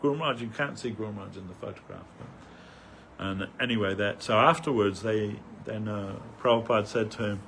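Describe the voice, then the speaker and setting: A man's voice: lowish voice, a little fast, gravelly, fairly bright tone, slight background noise. An older man giving a rambling, anecdotal remembrance talk as a devotee speaker at a temple festival, with many fillers, restarts and chuckles.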